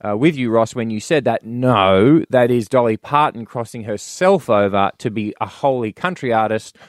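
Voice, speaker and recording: A man's voice: medium pitch, animated, moderate pace, no echo, studio quality. A man co-hosting a casual comedy podcast in a playful mock-serious way. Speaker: podcast co-host.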